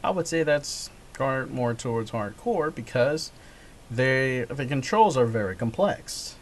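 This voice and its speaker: Animated, chuckling male gaming vlogger. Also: mid-range voice, a little slow. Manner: rambling, chuckling, self-correcting. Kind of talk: casual monologue.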